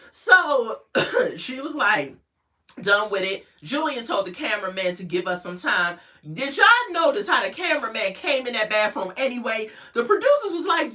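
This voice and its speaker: A woman speaking gossips through a reality-show recap in a bright, high, very lively voice, with sassy asides and frequent laughter. She sits a little back from the mic. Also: normal speed, distant mic. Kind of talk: casual recap chat.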